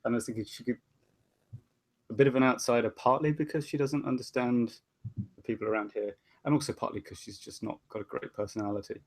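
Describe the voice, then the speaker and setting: Posh british guy, gravelly husky voice, wry and quiet, tabletop player. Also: mid-range voice, fairly even intonation, fast talker. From Britain. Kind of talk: casual tabletop game planning.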